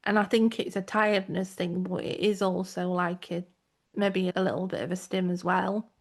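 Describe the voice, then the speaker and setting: A woman's voice: lowish voice, flat delivery, normal speed. A woman with a South Yorkshire accent, co-hosting a podcast in casual chat that wanders into tangents. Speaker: podcast co-host.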